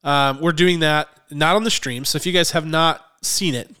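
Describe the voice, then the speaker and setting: Man, podcast host, slightly high voice, loose rambling delivery with many fillers. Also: fairly even intonation, normal speed, pushed and bright, clean tone. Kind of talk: casual chat.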